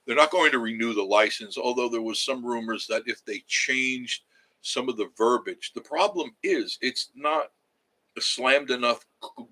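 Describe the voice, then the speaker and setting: A man in his 70s hosts a livestream from his home cabin, chatting casually and rambling as he reads viewer comments aloud. His voice is medium-pitched, pushed and bright, at a moderate pace, and the recording is rough.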